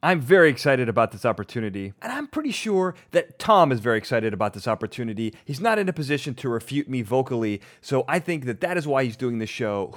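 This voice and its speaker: A man's voice: medium pitch, dry recording, clean studio sound. A man hosting a podcast interview, chatty and self-mocking, often restarting his sentences. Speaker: podcast host.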